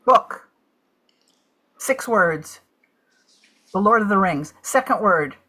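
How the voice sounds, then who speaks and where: A woman calls out guesses in a party game at an unhurried pace, stopping and starting between words and filling gaps with "uh". Her voice sits mid-range. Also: medium pitch, expressive, pushed and bright. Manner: guesses aloud in halting bursts with many fillers. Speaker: game player.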